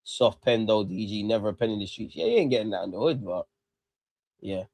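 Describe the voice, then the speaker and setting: A man hosting a live football watch-along, ranting excitably and swearing freely into a close mic. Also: on the low side, a little fast, no room sound.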